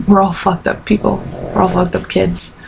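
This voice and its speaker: Teenage girl, crying, rambling vlog story, flat delivery, audible hiss behind. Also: medium pitch, moderate pace, gravelly. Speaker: vlogger. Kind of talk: emotional personal vlog. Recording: noisy home recording.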